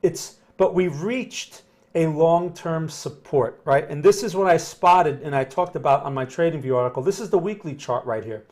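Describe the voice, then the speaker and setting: A man's voice: fairly high pitch, moderate pace, darkish tone. A man hosting a casual live stream on market analysis, chatting with viewers by name and often repeating words as he talks. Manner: asks questions to the audience.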